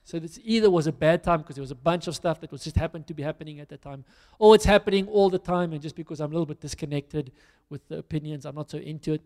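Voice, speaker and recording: A man with a South African accent and a fairly high, darkish voice preaches a conversational, story-driven sermon full of self-deprecating asides. The recording echoes in a reverberant hall.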